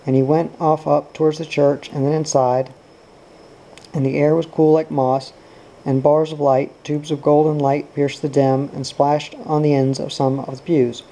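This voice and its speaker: A man reading a novel aloud in a steady, even manner. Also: fairly high pitch, moderate pace, rough recording. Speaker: narrator. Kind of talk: audiobook reading.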